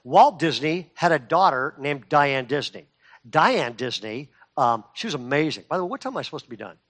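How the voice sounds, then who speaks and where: High-voiced preacher telling a story. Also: male voice, animated, brisk, fairly bright tone. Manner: storytelling with acted quotes, rising to fervent emphasis. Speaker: pastor. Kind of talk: sermon.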